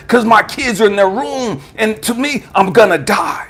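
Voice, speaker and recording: A man, a spiritual coach, telling an impassioned testimony, swinging from hushed tones to shouting. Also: high voice, lively intonation, normal speed, few pauses, a little hiss or hum.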